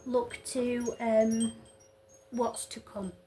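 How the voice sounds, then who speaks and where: A woman giving a tarot reading who speaks gently and earnestly, with many pauses and fillers, and who sounds emotional and close to tears. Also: a little high, little pitch movement, slight background noise, poor audio. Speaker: tarot reader. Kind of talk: reassuring tarot reading to viewers.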